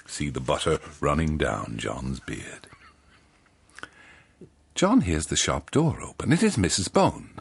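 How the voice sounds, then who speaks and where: Man reading a silly kids' story, deadpan and husky, pitch jumps all over. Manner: deadpan, mock-innocent, wry asides. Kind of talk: comic children's-storybook reading.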